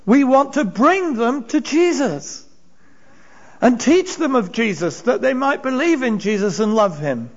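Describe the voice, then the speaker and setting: A man's voice: very high-pitched, sing-song, measured pace, dull audio. A man preaching a sermon, retelling Bible stories with emphasis and acted-out voices. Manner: storytelling, acting out voices, rising and falling emphasis.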